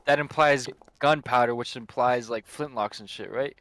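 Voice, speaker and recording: A man's voice: mid-range voice, moderate pace, a bit bright, no echo. Guy joking around at a tabletop game, teasing the gm. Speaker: player. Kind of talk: casual tabletop game play.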